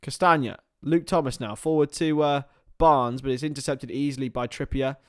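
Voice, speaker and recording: A man's voice: mid-range voice, moderate pace, clear, resonant tone, no room sound, studio quality. A young man hosting a live watchalong, calling the match play by play and chatting with viewers. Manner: excitable play-by-play, drops to mumbled asides with fillers. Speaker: watchalong host and commentator. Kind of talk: live match commentary with chat.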